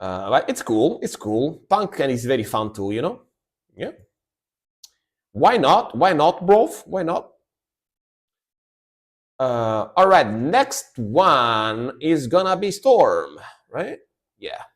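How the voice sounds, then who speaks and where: A man's voice: mid-range voice, sing-song, takes it slowly, long pauses. A man streaming live reactions to metal and rock music, talking casually and enthusiastically, repeating his phrases and swearing now and then.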